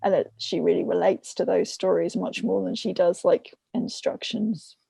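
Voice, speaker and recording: A woman's voice: fairly low pitch, steady tone, moderate pace, gravelly, warm tone, breathy edge, dry recording. A woman, a parent, chatting casually as a podcast guest and retelling a story from home with quoted voices. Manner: many fillers and restarts. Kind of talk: casual conversation.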